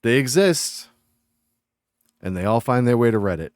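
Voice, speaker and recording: A man's voice: mid-range voice, lively intonation, moderate pace, a little mellow, dry recording, studio quality. A man from Massachusetts chatting and ranting on a live game stream, reading viewer chat aloud.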